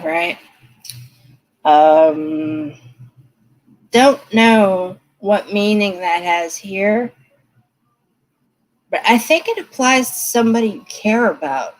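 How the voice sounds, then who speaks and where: A woman's voice: mid-range voice, poor audio. A woman giving tarot readings on a live stream, chatting straight to her viewers and laughing often. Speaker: tarot reader.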